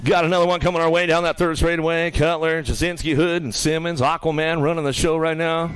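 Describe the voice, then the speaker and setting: Guy calling bmx races live, rattling off names quick, ribbing the riders, voice on the high side for a man. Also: steady tone, fairly bright tone, slight background noise. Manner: rapid, joking banter with riders. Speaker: race announcer. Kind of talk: live BMX race commentary.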